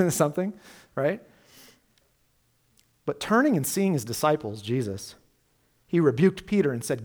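A male pastor preaching a sermon in an animated, conversational way, full of rhetorical questions. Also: on the high side, normal speed, pauses often, husky, big-room sound.

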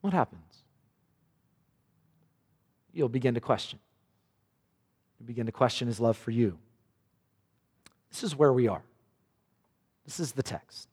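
A man preaching a sermon with passion, sometimes dropping suddenly to a quiet, low voice. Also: moderate pace, long pauses, breathy edge, big-room sound. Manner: impassioned, with sharp drops to quiet. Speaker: pastor.

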